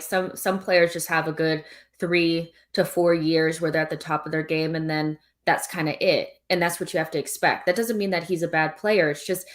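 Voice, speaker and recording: A woman co-hosting a football live stream, talking at length in a casual way. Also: low-pitched. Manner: talkative, explains at length with "like".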